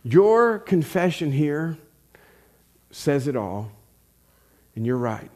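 A pastor voicing Jesus, low and solemn. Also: male voice, sing-song, takes it slowly, darkish tone. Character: Jesus, calm authoritative male teacher.

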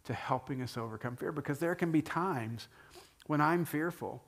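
Man pastor, a touch higher than average, earnest and preacherly, deliberate stress on key lines. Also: slightly rough. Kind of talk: conversational sermon-style talk.

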